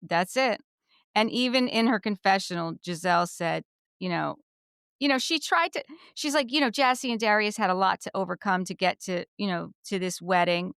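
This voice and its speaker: A woman's voice: medium pitch, normal speed, creaky, a bit bright, smooth, no echo, studio quality. A woman co-hosting a podcast, chatty and agreeable as she retells scenes from a show. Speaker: podcast co-host. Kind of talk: casual chat.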